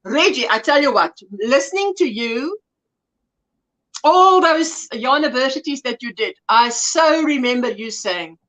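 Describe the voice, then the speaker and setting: A woman's voice: high-pitched, animated, unhurried, a bit bright. A South African woman hosting a casual livestream chat, reading viewer comments aloud and laughing often. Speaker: livestream host.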